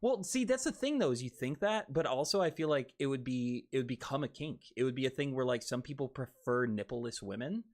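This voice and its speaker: A man's voice: mid-range voice, a little fast, hardly any pauses. A man streaming, chatting casually, laughing often and cursing freely. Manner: animated, laughs often, swears. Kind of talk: casual livestream chat.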